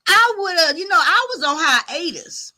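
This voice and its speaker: Sassy middle-aged woman, bright and forceful, drawling live-stream commentary that repeats and trails off. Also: very high voice, lively intonation, normal speed. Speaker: YouTube commentary host.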